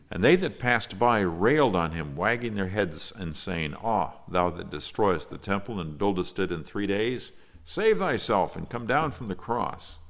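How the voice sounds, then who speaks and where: A man with a very low voice delivers a sermon from the pulpit. He reads a long scripture passage aloud in archaic wording, then explains it in an earnest, measured way, with the odd "uh" when he speaks freely. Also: fairly bright tone. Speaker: pastor.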